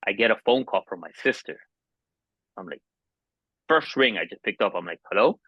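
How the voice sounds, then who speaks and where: A man's voice: fairly low pitch, animated, husky, dry recording. Earnest man in his forties, dull dry sound. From Miami, United States. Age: 40s. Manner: earnest, halting, many restarts. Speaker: podcast guest. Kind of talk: personal storytelling.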